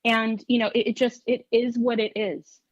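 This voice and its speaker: A woman's voice: fairly high pitch, level tone, moderate pace, no room sound. Woman, dog trainer guest, interview talk, emphatic, restarts phrases, dull lo-fi sound. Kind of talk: conversational interview. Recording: dull lo-fi audio.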